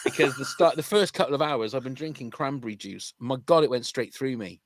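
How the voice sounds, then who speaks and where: A man's voice: medium pitch, a little fast, dry recording, clean studio sound. A man hosting a charity podcast livestream in casual, jokey chat, often tripping over his words. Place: home room during a livestream.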